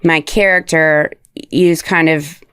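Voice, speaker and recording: A woman's voice: deep voice, steady tone, slow, a bit bright, clear, resonant tone, dry recording, clean studio sound. Chatty Southern woman telling stories. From American South. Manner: chatty, laughing storyteller who mimics voices. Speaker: podcast guest. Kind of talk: casual interview chat.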